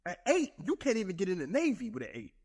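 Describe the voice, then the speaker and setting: A man's voice: high voice, sing-song, fast, vocal fry, darkish tone, slightly rough. A man who is a guest on a casual podcast, giving blunt, matter-of-fact advice with some swearing.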